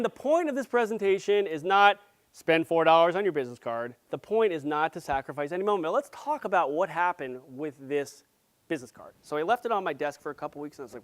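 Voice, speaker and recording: A man giving a live conference presentation, playful and jokey, with quick asides to the audience. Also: on the high side. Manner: grows loud and excited as he goes. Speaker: conference speaker.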